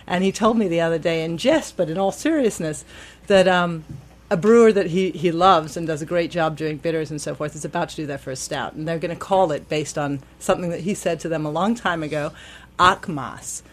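A talk-show guest spinning loose, chatty anecdotes. The talk is sprinkled with ums and quick asides. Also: mid-range voice. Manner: chatty storyteller, frequent ums. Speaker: guest, beer importer. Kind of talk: casual radio chat.

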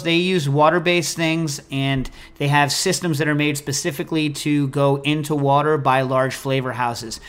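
A podcast host rambles through listener questions in a loose, jokey, animated way. His voice sits a little high for a man. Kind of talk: casual chat.

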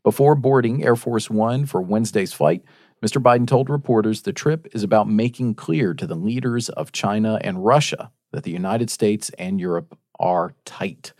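A man's voice: lowish voice, moderate pace, a little mellow, no room sound, studio quality. A man hosting a faith-based news talk show, reading news stories aloud and chatting with his co-hosts.

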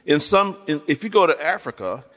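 A man's voice: a little high, lively intonation, a little fast, pushed and bright. A man being interviewed as an author, explaining ideas in a conversational teaching way, often restarting and checking that listeners follow. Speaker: guest author. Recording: long hall reverb.

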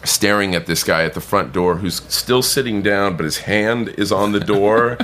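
Deep-voiced man telling a bar story. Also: moderate pace, a little hiss or hum. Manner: animated anecdote-teller, swears, acts out others' voices. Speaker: bartender guest. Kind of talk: casual podcast storytelling.

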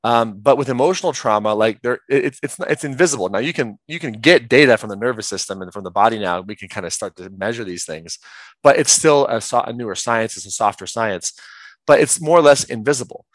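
A man's voice: mid-range voice, animated, brisk, dry recording. A man talking earnestly as a podcast guest, explaining his field with many "like"s and "right?"s. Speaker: guest, trauma practitioner.

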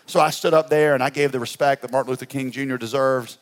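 A male pastor telling a story in a conference sermon, conversational and humorous, his voice climbing high when excited and dropping soft when reflective. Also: fairly quick.

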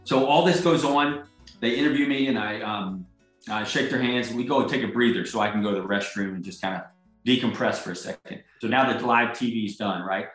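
A man's voice: mid-range voice, a little fast, a bit bright, echoey room, soft background music, poor audio. A man, a golf champion, telling a story casually with lots of fillers and restarts. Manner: rambling, full of fillers and restarts.

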